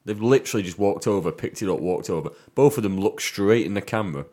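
A man's voice: lowish voice, quick pace, warm tone. A man co-hosting a casual podcast chat, making dry wisecracks and teasing the others. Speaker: podcast co-host.

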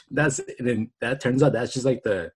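A man's voice: mid-range voice, unhurried, slightly rough. A man co-hosting a podcast, laid-back and chatty, laughing often and filling his talk with "like". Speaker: podcast co-host. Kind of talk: casual podcast chat.

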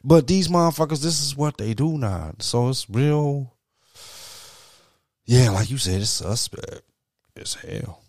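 A man's voice: mid-range voice, expressive, a little slow, pauses often, darkish tone, dry recording, studio quality. A middle-aged man in casual, profane chat, telling stories animatedly and slipping into quoted voices.

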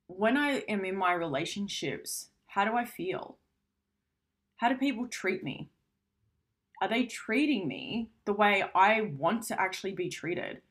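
Frank, conversational woman giving self-help talk. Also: fairly low pitch. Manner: frank, conversational, swears casually, acts out quoted arguments.

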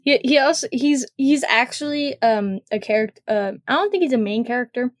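Giggly high-voiced teen girl. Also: brisk, dry recording. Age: teens. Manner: giggly, rambling, animated retelling. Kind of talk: casual chat. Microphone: computer mic on a voice call.

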